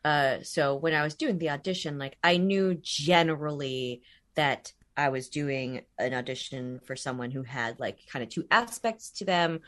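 A woman with a low-pitched voice talks about her work as an interview guest. She rambles, restarts her sentences and scatters fillers as she talks. She laughs easily along the way. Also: normal speed, a bit bright. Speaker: voice actor guest. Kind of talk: casual interview chat.

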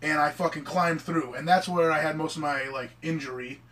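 A young man with a high, bright voice tells a story in rambling, excitable bursts, and he swears constantly along the way. He sits a little back from the mic. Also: fairly quick. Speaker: storyteller among friends. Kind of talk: casual podcast chat. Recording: mic at a distance.

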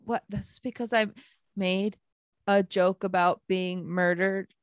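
A woman's voice: medium pitch, flat delivery, a little slow, smooth, no room sound. A woman co-hosting a podcast, telling a dating story in casual chat and swearing freely. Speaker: podcast co-host.

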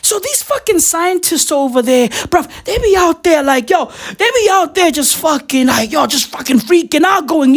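A woman's voice: high voice, animated, moderate pace, few pauses. A woman with a South African accent delivering a rambling, profane comic rant full of slang.

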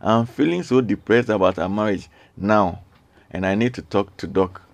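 A man's voice: fairly low pitch, normal speed, creaky, dry recording. A man hosting a radio call-in show, earnestly reading out listener messages and repeating his requests. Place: radio studio.

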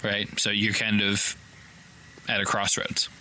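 A man with a bright, forceful voice hosts a casual podcast conversation. He teases his co-host and laughs easily. A faint hiss runs under the recording. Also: fairly low pitch, monotone, a little slow. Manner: playful, teasing, laughs often. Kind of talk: casual chat.

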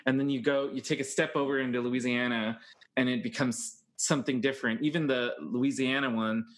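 A man's voice: medium pitch, fairly even intonation. A man co-hosting a podcast, chatting casually and giving strong opinions in long run-on stretches. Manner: opinionated, talks in long rapid run-ons. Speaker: podcast co-host. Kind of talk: casual chat about films and plays.

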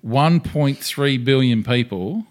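Speaking slowly in a medium-pitched, darkish voice, this podcast co-host keeps things casual and jokey, rambling, trailing off, and starting over.

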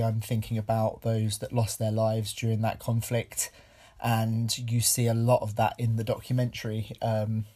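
Shaken man, flat delivery. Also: mid-range voice. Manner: halting, many fillers and restarts, earnest. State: emotionally shaken. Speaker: podcast host. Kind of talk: solo film review podcast.

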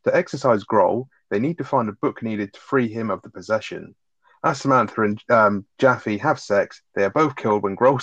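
A man's voice: on the low side, dry recording, dull audio. A man co-hosting a podcast, chatting casually and retelling film scenes with lots of swearing. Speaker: podcast co-host reviewing a film. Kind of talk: casual chat.

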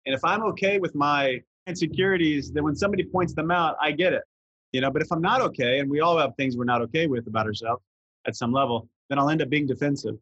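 A man with a Southern US drawl explains ideas step by step as a coach. His voice is husky and dry, with no room sound. He comes across as reflective and measured. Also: fairly high pitch, fairly bright tone, no echo, muffled recording. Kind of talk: explanatory conversation.

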